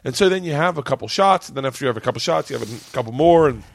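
A man's voice: medium pitch, lively intonation, very fast, creaky. Hungover man cracking jokes, laughing. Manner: laughing, swearing, joke-telling. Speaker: podcast host. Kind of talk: casual chat. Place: hotel room.

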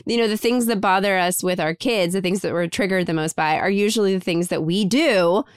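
Woman, podcast co-host, effusive casual chat, very smooth clear voice, dry close sound. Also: medium pitch, a little fast, dry recording. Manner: effusive, gushing, many fillers. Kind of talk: casual conversational interview.

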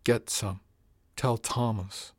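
Guy reading sick old lady, feverish, halting short phrases, low voice, dry sound. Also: steady tone, dry recording. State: weak, feverish. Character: old woman healer, feverish and weak, stubborn. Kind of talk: audiobook character reading.

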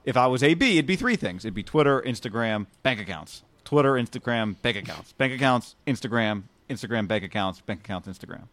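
A man's voice: medium pitch, animated, fairly quick, few pauses, a bit bright. A man co-hosting a casual sports talk show, teasing his partner and rambling in a wry way. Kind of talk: casual sports radio chat.

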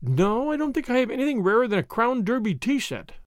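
A genteel, anxious lady of the house who speaks properly and earnestly, as a man puts her on. Her voice is pitched up and lively. The sound is dry and close. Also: fairly quick, no room sound.

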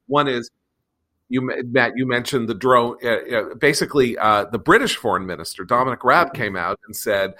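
A man hosting a political talk show, chatting casually and reading a sponsor spot, animated and sarcastic, with frequent digressions. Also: medium pitch, moderate pace. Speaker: podcast host.

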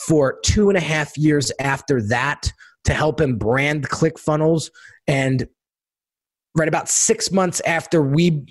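Middle-aged guy telling his story in an interview, lively, acts out the quotes, dry close sound. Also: a little high, no echo. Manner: animated, acts out quotes, repeats words while talking. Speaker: guest entrepreneur and designer.

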